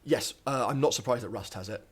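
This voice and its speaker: A man's voice: mid-range voice, a little fast, a little hiss or hum. A young man streaming himself coding at a standing desk in his home office, thinking aloud with lots of ums and asides, a bit out of breath. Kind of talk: live coding stream commentary.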